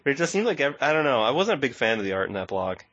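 A man's voice: mid-range voice, big pitch swings, rapid-fire, fairly bright tone. A man co-hosting a podcast in casual chat, talkative, laughing often and trailing off mid-thought. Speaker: podcast co-host. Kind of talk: casual chat about card games. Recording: slightly dull lo-fi audio.

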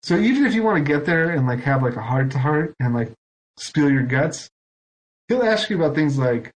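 A man's voice: a little high, animated, moderate pace, poor audio. A man co-hosting a podcast in casual chat, teasing his guests and laughing often. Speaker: podcast co-host.

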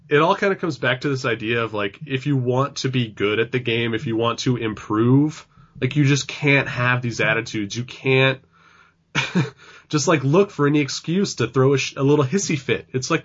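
A man's voice: medium pitch, animated, moderate pace, fairly bright tone, slightly rough. A man co-hosting a podcast, talking casually and loosely, full of fillers. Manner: loose, filler-heavy talk with frequent "like". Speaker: podcast co-host. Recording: dull lo-fi sound.

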